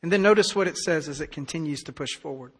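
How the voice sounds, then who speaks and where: A man preaching a sermon as pastor, emphatic, swinging between hushed stretches and loud declarations. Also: a little high, fast, breathy edge. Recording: long hall reverb.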